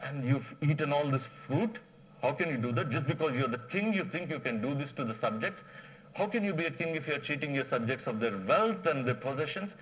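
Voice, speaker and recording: Man doing a fickle farmer, pitched up and loud, swinging between effusive welcome and fury. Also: animated, fairly quick, natural voice, low-quality recording. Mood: scolding. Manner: high-pitched, loud outbursts. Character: fickle middle-aged male farmer, kind then furious.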